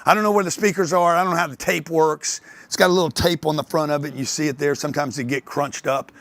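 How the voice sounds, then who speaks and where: Animated older man telling stories. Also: on the high side, fast talker, no room sound. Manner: animated storytelling, acts out others' voices. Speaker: speaker on sales and wealth. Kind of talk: motivational talk to an audience.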